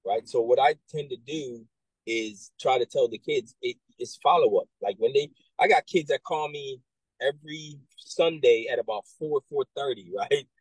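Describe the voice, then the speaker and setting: A man working as a military recruiter, talking casually and telling animated stories with many restarts and asides. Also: medium pitch, normal speed, slightly rough, no room sound, rough recording. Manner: animated storyteller, acts out quoted voices, many restarts and "right?". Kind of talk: casual conversation.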